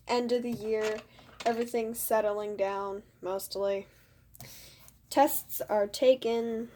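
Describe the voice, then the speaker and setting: A woman's voice: a little high, dark tone. A teenage girl casually telling a story about school. She rambles, fills her talk with "like" and "you know", and makes fun of herself. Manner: rambling, full of "like" and "you know", self-mocking. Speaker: student vlogger.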